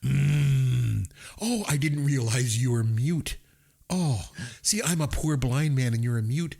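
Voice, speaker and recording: A man's voice: mid-range voice, takes it slowly, creaky, mellow. A man doing a fumbling blind old hermit. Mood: fussing kindly. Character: blind old male hermit, eager and friendly.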